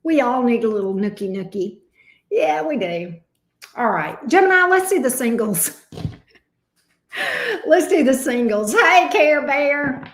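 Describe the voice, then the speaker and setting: Her voice high and fairly bright, a woman does a live tarot reading, teasing and exclaiming to viewers and cursing casually. The room is echoey.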